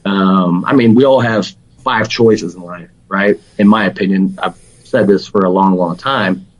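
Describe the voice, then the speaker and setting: A man's voice: sits low, a little slow, rough recording. A man with an Alabama accent, a barbecue pitmaster guest, chatting casually and easily, peppering his talk with "man" and "dude". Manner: animated and laid-back, sprinkled with "man" and "dude". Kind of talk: casual podcast interview.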